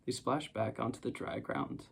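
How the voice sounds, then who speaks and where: A man reads a storybook aloud in a calm, measured way. His voice has a noticeably gravelly grain. His pitch sits in the ordinary middle range for a man. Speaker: audiobook narrator. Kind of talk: storybook narration.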